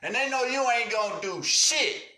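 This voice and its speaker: A high, bright-voiced man ranting angrily on a livestream, cussing constantly in blunt street talk. The room is roomy and echoes around him. He jabs questions at his viewers and rarely lets up. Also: animated, moderate pace. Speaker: livestream host. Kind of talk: profane livestream rant. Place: indoors at home.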